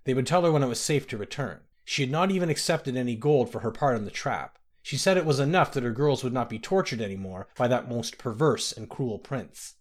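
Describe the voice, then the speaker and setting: A man's voice: medium pitch, a little fast, hardly any pauses. A man narrating a fantasy story aloud, reading expressively.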